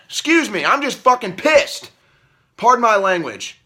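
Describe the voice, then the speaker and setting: A man hosting political commentary, ranting angrily and profanely, repeating himself and swinging from a low mutter up to shouting. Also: big pitch swings, slow, long pauses. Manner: angry, profane, repetitive rant.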